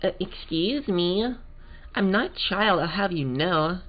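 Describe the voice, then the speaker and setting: Expressive and unhurried, a man pushes his voice up high to portray an eager sixteen-year-old girl scientist who aspires to be a scientific investigator, giving her a Valley Girl voice. The recording is muffled, with game music running behind.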